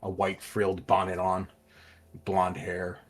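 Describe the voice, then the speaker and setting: A man narrating as game master of a tabletop role-playing game, halting and full of fillers as he describes scenes. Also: low-pitched, completely flat delivery, husky. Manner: hesitant, filler-heavy description.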